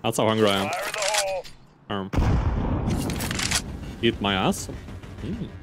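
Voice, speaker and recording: A man's voice: fairly low pitch, big pitch swings, slow pace, loud music behind the voice. A man streaming a shooter game, chatting casually, joking and griping about teammates with plenty of swearing. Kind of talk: casual gameplay commentary. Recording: streamed over loud game sounds and mouse clicks.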